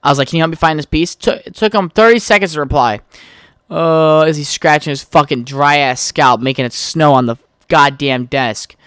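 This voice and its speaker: A man's voice: on the high side, normal speed, fairly bright tone, clean tone, no room sound, studio quality. A young man hosting his own podcast, telling a heated, profane story in a casual rant. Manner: profane, heated storytelling, trails off while texting. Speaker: podcast host.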